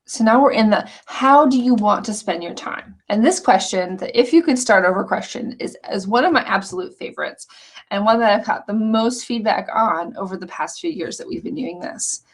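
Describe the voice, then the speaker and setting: A woman's voice: mid-range voice, animated, normal speed. A woman teaching an online scrapbooking course, walking through the lessons in an earnest, chatty way with frequent restarts. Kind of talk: casual walkthrough of course lessons.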